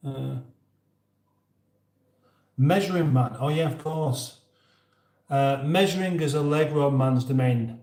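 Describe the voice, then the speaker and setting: A British man from northern England hosts a live cooking stream from his home kitchen, rambling casually and reading viewer comments aloud while he cooks. His mid-range, darkish voice moves slowly with frequent pauses, and the kitchen sounds echoey with faint background noise.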